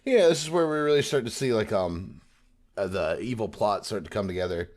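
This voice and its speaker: A man chatting on a podcast, animatedly retelling scenes and slipping into quick character voices. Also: fairly low pitch, animated. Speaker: podcast co-host. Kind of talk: casual podcast discussion.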